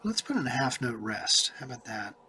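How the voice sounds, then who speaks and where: Bright-voiced man teaching rhythm, chatty. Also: mid-range voice, brisk, a little hiss or hum. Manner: relaxed, chatty, counts and sings rhythms aloud. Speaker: music teacher. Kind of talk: casual tutorial explaining rhythm notation.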